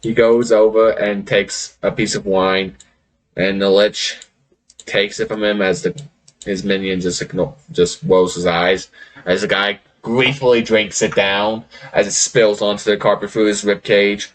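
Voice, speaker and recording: A man's voice: lowish voice, little pitch movement. A man narrating a tabletop game as game master, loose and rambling. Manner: loose, rambling, quick to laugh.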